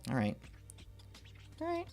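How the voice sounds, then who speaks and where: Over soft background music, a man speaks at a measured pace while livestreaming, chatting casually with viewers as he builds in a game. He's excitable and rambling, answering chat with playful rants and sometimes muttering under his breath.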